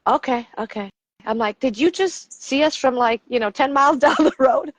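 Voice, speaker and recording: A woman's voice: sits high, normal speed, dry recording. A middle-aged woman from the United States, a coach, telling stories in a casual interview and acting out the people she quotes. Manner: animated storyteller, acts out quotes. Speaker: podcast guest, coach.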